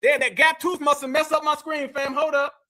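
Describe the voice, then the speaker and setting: A man's voice: extremely high pitch, little pitch movement, normal speed, bright, forceful tone. A man with an African American Vernacular English accent giving impassioned, preachy streaming commentary and calling his viewers fam.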